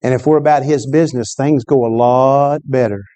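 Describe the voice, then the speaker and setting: A man's voice: mid-range voice, fairly even intonation, normal speed, mellow. A man preaching a sermon, telling a story in a conversational way and calling out to the congregation. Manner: storytelling preacher, conversational with call-and-response asides.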